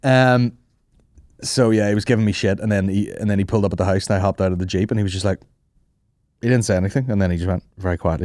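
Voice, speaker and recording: A man's voice: fairly low pitch, quick pace, darkish tone, no room sound, clean studio sound. A young man, hosting a podcast and telling rambling, profane comic stories with frequent laughs. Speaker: podcast host. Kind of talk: casual comedic storytelling.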